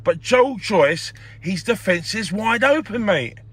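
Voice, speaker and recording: A man's voice: high voice, slow pace, husky, dry recording. A man hosting a casual boxing chat, blunt and repetitive, swearing freely. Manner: animated, blunt, swears freely, repeats himself. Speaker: host.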